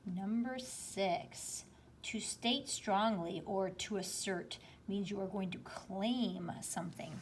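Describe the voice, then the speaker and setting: A woman's voice: mid-range voice, slight background noise. Patient woman teaching a spelling lesson. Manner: slow, patient, explaining step by step.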